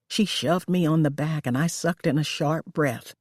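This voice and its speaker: An audiobook narrator reading a first-person thriller in a measured storytelling way. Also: mid-range voice, no echo. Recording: dry close recording.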